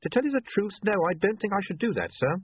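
A man's voice: high voice, very animated, fast talker, slightly rough, dry recording, pitched above the performer's own voice, exaggerated voice. A man voicing a polite, earnest young male reporter who speaks in a deferential way. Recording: tinny, dry, phone-like sound.

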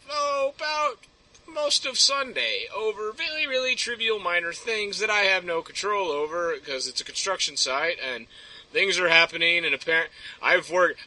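A man's voice: on the high side, bright, forceful tone, no echo, low-quality recording. A man telling a story as a podcast guest, ranting and rambling with plenty of swearing. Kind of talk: casual chat, storytelling.

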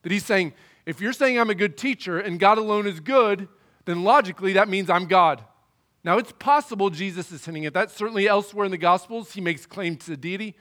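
Earnest male preacher with a high voice. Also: sharp tone. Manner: measured, earnest expository preaching. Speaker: pastor. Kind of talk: sermon.

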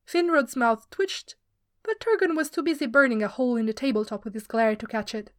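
A woman narrating fan fiction aloud in a steady, even manner. Her voice sits fairly high, and the recording is dry and close with no room sound. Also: fairly quick, dry recording. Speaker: podfic reader. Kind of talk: scripted story narration.

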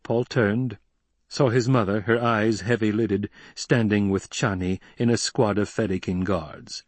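A man narrating an audiobook in a steady, scripted reading. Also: fairly low pitch, a little slow, dry recording.

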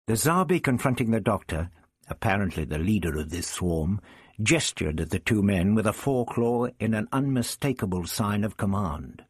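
Husky guy reading an adventure story, really animated, dry close sound. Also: on the low side, moderate pace, no room sound. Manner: dramatic, expressive reading. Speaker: audiobook reader. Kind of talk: scripted narration.

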